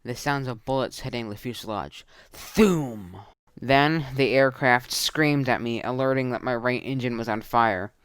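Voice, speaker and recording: A man narrating a first-person action story in a terse, dramatic way, shouting the quoted lines. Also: mid-range voice, normal speed, few pauses, clear, resonant tone, no echo. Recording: narration over loud music.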